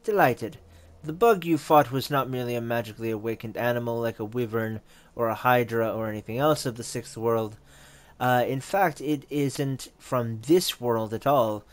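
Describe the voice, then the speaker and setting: Male GM as a sly elf lecturer, measured and wry. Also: mid-range voice, close to an everyday voice.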